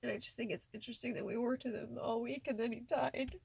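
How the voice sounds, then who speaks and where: A woman's voice: fairly high pitch, fairly even intonation, fast, gravelly, husky, no room sound. A woman talking tearfully and rambling in a personal vlog, filling her speech with many "like"s. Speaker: spiritual vlogger.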